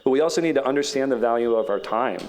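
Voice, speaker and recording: A man speaks on a panel in a relaxed, rambling way. He tells his story with frequent fillers and a mid-range voice. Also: mid-range voice, quick pace. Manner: chatty, many "like" fillers, acts out others' lines.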